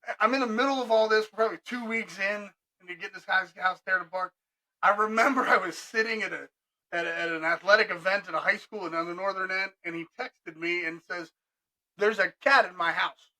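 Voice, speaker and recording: A middle-aged man telling a work story in casual podcast chat, animated and laughing, acting out both sides of conversations. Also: sits high, low-quality recording. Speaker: restoration business owner telling stories.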